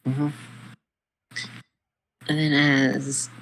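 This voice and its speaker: A woman's voice: rumbling low, little pitch movement, drawn-out words, rough recording. A woman improvising a fan story aloud with a partner, narrating and voicing characters in a loose, casual way.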